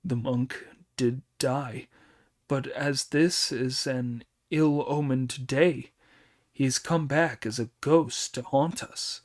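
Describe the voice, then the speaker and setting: A nervous court officer picks his words slowly and carefully, as a man reads him out. He sounds anxious to cover himself. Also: medium pitch, fairly even intonation, lightly acted. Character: scared male execution officer, fibbing.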